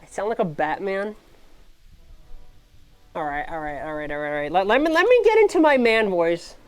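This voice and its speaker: A woman VTuber streamer in casual live-stream chat, playful and giggly, swinging between squeaky highs and mumbled lows. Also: big pitch swings, moderate pace.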